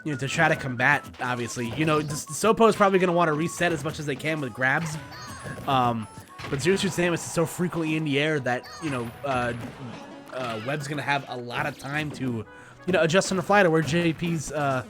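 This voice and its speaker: A man's voice: a little high, a little fast, music in the background. A man giving loose, rambling color commentary on a video game tournament, cracking jokes between analysis.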